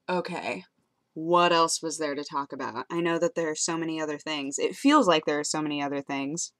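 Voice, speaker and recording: A woman's voice: low voice, fairly bright tone. Chatty young woman rambling to a webcam. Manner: chatty, rambling, self-mocking, with many fillers and laughs. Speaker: vlogger. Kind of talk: casual webcam vlog chat. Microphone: webcam mic.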